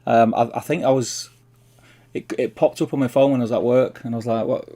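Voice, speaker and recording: A man's voice: mid-range voice, fairly even intonation, a little fast, warm tone. A man with a Mancunian accent hosting a casual livestream, rambling chattily and calling viewers "mate" as he reads out their comments. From Manchester, England. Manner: rambling, reads chat aloud, chummy "mate". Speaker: livestream host.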